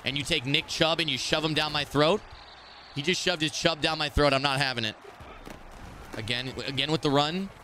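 A man streaming a football video game, commenting live in a brash, excitable, trash-talking way. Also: fairly high pitch, normal speed, slight background noise.

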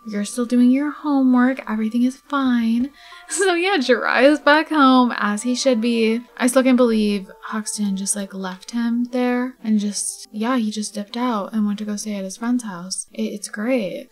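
A young woman hosting a casual let's play, chatting and reacting out loud as she plays, sometimes dropping into a whisper. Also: on the high side, unhurried. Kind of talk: casual gameplay commentary.

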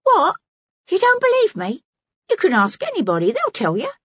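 A woman's voice: very high voice, huge pitch swings, a bit bright, no room sound, highs cut off, pitched above the performer's own voice, exaggerated voice. A woman narrator voicing a frightened, cheeky young street girl with brash slang, in an audiobook. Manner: brash, quick, working-class slang.

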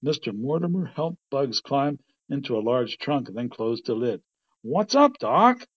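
A man reading a children's storybook aloud in plain, steady narration. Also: medium pitch, normal speed, slightly rough, dull audio. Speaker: storybook reader.

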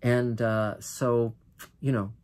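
Older American man, mid-pitched, earnest and impassioned solo monologue, restarts often. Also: flat delivery, darkish tone. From United States. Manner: earnest and impassioned, with frequent restarts and drawn-out emphatic phrases. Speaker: host. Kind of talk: political monologue to camera.

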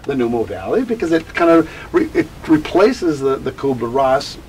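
Animated man explaining grief ideas. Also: mid-range voice, moderate pace, a little hiss or hum, poor audio. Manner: animated, digressive, acts out quotes. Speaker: grief educator. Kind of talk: interview answers.

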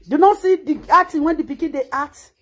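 High-voiced, impassioned Nigerian woman. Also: brisk, fairly bright tone. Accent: Nigerian Pidgin. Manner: impassioned, scolding, repeats words. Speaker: social media commentator. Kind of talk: emotional reaction monologue.

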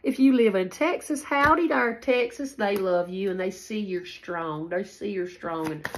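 A woman's voice: medium pitch, unhurried, noisy background. A woman giving a casual spoken tarot reading, rambling and repeating herself, with frequent swearing. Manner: rambling, repetitive and profane. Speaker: tarot reader.

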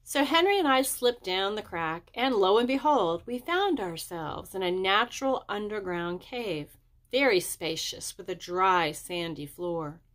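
A woman reading a children's chapter book aloud, raising her pitch for the children's dialogue. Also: animated, measured pace, fairly bright tone. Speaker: audiobook reader. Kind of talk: storybook narration.

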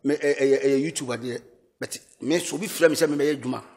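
Fast-talking Ghanaian man, animated. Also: on the high side. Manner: animated, switches between Twi and English, laughs often. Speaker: interviewee. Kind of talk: casual interview.

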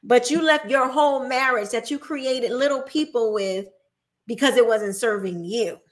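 A woman with a voice on the high side, speaking at a moderate pace, hosts her own show. She gives an emphatic, preachy opinion monologue and mocks the people she quotes.

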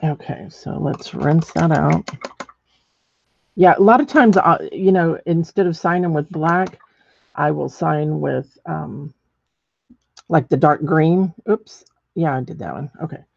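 A woman's voice: low voice, fairly even intonation, measured pace, creaky, a little mellow, lo-fi sound, a little hiss or hum. A middle-aged woman demonstrating ceramic painting in a chatty way, thinking aloud as she works. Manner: chatty, thinks aloud while working, many ums.

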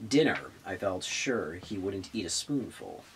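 A man's voice: low voice, big pitch swings, measured pace, a bit bright, a little hiss or hum, low-quality recording. A man reading a novel aloud, stumbling over words and restarting lines. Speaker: reader of a novel on a public access show.

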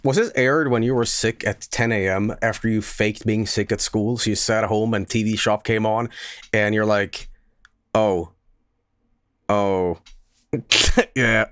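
A man's voice: fairly low pitch, steady tone, normal speed, fairly bright tone. A man chatting on a live stream, crude and joking, on a close desk mic. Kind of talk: casual live-stream chat.

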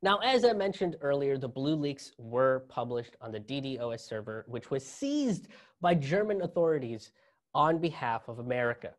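A man's voice: medium pitch, big pitch swings, normal speed. Sarcastic male comedian host. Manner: sarcastic, laughs at own jokes; self-promoting sign-off read. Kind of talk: comedic political commentary.

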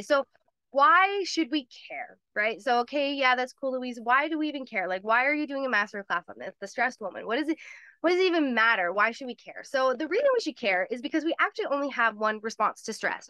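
A woman hosting a live online course, explaining in a chatty, quick way, laughing often and acting out little voices. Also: on the high side, sharp tone, no room sound. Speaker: course host. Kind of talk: live webinar lecture.

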